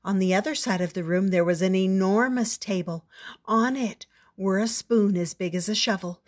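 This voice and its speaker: An older woman reads a children's picture book aloud in an expressive, playful storytelling voice. Her pitch sits in a middle range for a woman. She takes her time as she tells the story.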